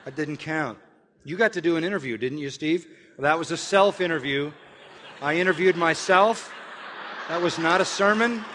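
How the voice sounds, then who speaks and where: An older man preaching a sermon, telling a personal story in an earnest way and slowly spelling words out letter by letter. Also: on the high side, a bit bright, in a large hall, slight background noise. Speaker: pastor.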